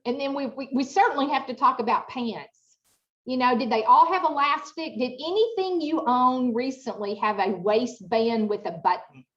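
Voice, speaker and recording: A middle-aged woman giving an interactive online workshop, chatty and expressive, asking the audience lots of rhetorical questions over a video call. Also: sits high, muffled recording. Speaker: workshop presenter.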